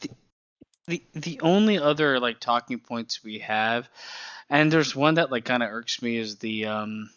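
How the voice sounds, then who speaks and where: A man's voice: mid-range voice, animated, unhurried, fairly bright tone, clear, resonant tone, no room sound, muffled recording. A man hosting a podcast in casual chat, rambling with lots of fillers and laughing partway through sentences. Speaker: podcast host.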